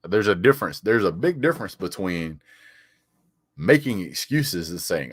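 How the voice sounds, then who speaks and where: A very low-voiced man banters through a live stream, reading out viewer comments and firing back. He stammers and repeats words now and then, and his voice sounds close and dry with no room around it. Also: very animated, normal speed, slightly rough, dry recording. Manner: reads viewer comments aloud and answers them; frequent chuckles and "sir" rebuttals. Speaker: sports vlogger reading live chat.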